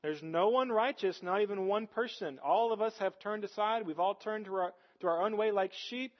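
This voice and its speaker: High-voiced pastor preaching with rhetorical questions. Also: male voice, normal speed, dull audio. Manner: earnest, asks the congregation frequent rhetorical questions. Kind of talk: sermon.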